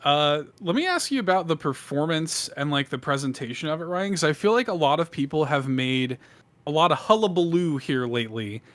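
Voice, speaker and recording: A man co-hosting a gaming podcast, asking questions with enthusiastic, animated asides. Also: fairly high pitch, fairly quick, dry recording. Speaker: podcast host. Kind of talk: casual podcast chat.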